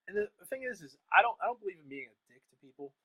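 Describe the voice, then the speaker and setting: A man's voice: high-pitched, animated, a bit bright, husky, dry recording, low-quality recording. A man telling stories as a guest in a casual interview, candid and often laughing, on a video call. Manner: rapid, laughing, candid storytelling. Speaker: guest, chatbot course creator.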